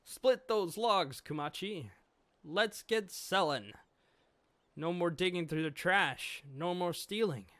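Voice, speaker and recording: Man doing a young girl voice, scrappy, bossy, high, dry close sound. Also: animated, takes it slowly, fairly bright tone, dry recording, exaggerated voice. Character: tough scrappy young girl caring for friend. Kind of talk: reading comic dialogue aloud.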